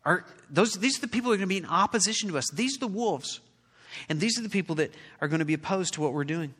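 A man's voice: high voice, animated, quick pace, a bit bright, slightly rough. A man preaching a sermon as pastor, building his delivery to emphatic peaks. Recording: long reverb of a large hall.

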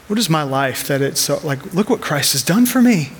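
A man's voice: a little high, animated, brisk, fairly bright tone, slight background noise. A man in his thirties preaching a sermon as a pastor, earnest and conversational, weaving personal stories into his message.

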